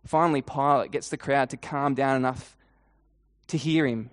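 A man's voice: medium pitch, fairly even intonation. Dramatic man preaching a guided meditation. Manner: dramatic, swings between loud and hushed; repeats refrain, halting restarts. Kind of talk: guided imaginative sermon in second person.

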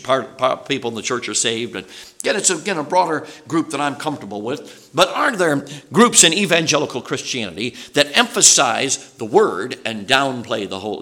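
An older man delivers a sermon in a bright, forceful voice. He talks in a folksy, rambling way, with restarts and asides, and keeps asking his listeners questions. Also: mid-range voice. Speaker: preacher.

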